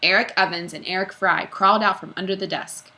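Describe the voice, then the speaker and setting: A woman reads a children's chapter book aloud. Her voice is bright and expressive, and she slips into character voices as she goes. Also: medium pitch, a little fast. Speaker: reader. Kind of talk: storybook read-aloud.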